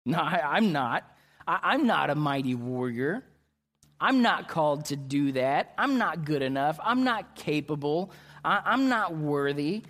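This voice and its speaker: A man's voice: a little high, measured pace, fairly bright tone. A man preaching a sermon as pastor, emphatic and repetitive, his intensity rising and falling.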